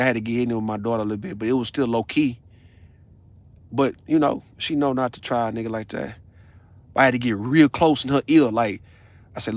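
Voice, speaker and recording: A man, ranting on a casual livestream in a blunt, profane, animated storytelling way. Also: medium pitch, gravelly. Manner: blunt, confrontational.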